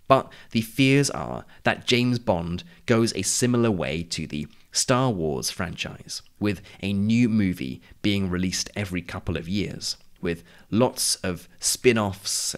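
A man hosting a podcast, narrating a scripted lesson in a clear, measured, explanatory way. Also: low-pitched. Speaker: podcast host.

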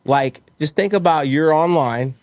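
Man, casual podcast chat, animated storyteller, acts out quoted exchanges, dry close recording. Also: fairly high pitch, unhurried, no room sound. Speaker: guest, roofing company owner.

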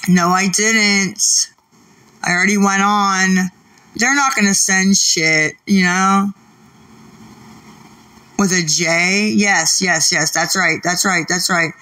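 A woman's voice: medium pitch, slow, pauses often, bright, forceful tone, recorded from a distance. A woman livestreaming late at night, irritated and swearing as she argues back at her chat.

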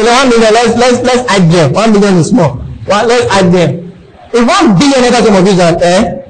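Animated pastor preaching. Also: male voice, high voice, poor audio. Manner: animated preaching with call-and-response and repeated phrases. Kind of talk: sermon. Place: church service.

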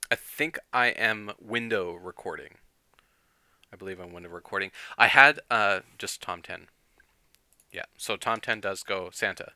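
Man, game streamer, casual chat with viewers, keeps clearing throat, very bright edgy tone, dry close sound. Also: on the low side, no echo. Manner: chatty, thinks aloud with fillers and laughs.

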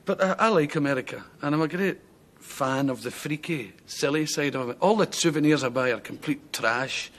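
A man's voice: fairly high pitch, moderate pace, a bit bright. A Scottish man, a talk show guest, tells rambling comic anecdotes and chuckles his way through them. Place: TV studio with live audience. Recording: 1970s TV studio with audience laughter and hiss.

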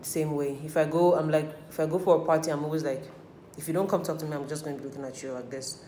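This beauty vlogger speaks fast in a low, warm voice with a steady tone, swapping candid stories as she applies makeup. She swears freely and acts out quotes, and the recording has an echoey room sound and faint hiss.

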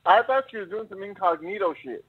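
Co-host, man, high voice, chatty rambler, phone-line sound. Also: fairly quick, husky. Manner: chatty, rambling, piles up examples. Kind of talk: casual live-stream chat.

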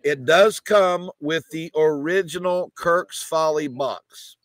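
A man running a live auction, calling prices in a rapid chant with repeated numbers and coughing now and then. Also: a little high, fairly bright tone. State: coughing, choked up. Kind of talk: live online auction selling.

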